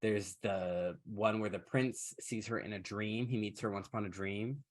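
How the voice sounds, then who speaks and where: A man's voice: on the low side, steady tone, moderate pace. A man hosting a podcast in casual chat, retelling a story in a wry, sarcastic way and swearing freely. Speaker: podcast host.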